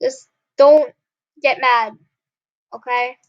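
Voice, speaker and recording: Slow-talking young woman gaming host. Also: high-pitched, steady tone, dry recording. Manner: frustrated, apologetic, talks to viewers. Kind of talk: casual gameplay commentary. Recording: dull lo-fi sound.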